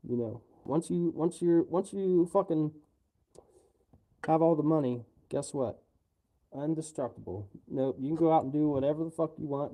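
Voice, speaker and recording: A man from the United States rants into his livestream, angry and swearing. His voice is dark and heavy, and it stays at a middling pitch as he fires off his complaints. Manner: angry, profane, ranting. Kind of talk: livestream rant.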